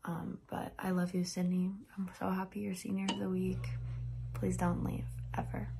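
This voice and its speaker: A young woman whispering an emotional tribute to a friend who is graduating. She keeps her voice hushed and swears casually. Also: fairly low pitch, completely flat delivery, fairly quick, creaky, noisy background. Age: young adult. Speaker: sorority sister giving a tribute. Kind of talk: whispered video message. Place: dorm room at night, keeping quiet.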